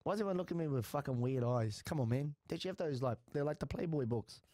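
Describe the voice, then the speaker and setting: A young man with a New Zealand accent, co-hosting a podcast and telling stories in a crude, slangy, animated way. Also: mid-range voice, quick pace, dry recording, clean studio sound. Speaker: podcast co-host. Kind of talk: casual podcast chat.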